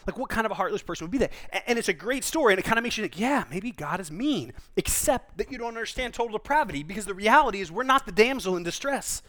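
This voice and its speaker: A man with a notably high voice delivers a sermon as a pastor. He preaches conversationally, telling vivid stories and slipping in quick asides. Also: lively intonation, bright, forceful tone.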